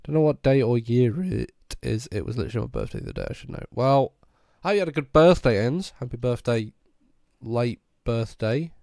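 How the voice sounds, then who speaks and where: A man's voice: medium pitch, sing-song, moderate pace, gravelly, darkish tone, no echo, clean studio sound. A young man streaming and chatting casually with his viewers, ill and with a voice that keeps cracking. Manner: chatty, laid-back, answers viewers one by one. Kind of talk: casual chat with live viewers.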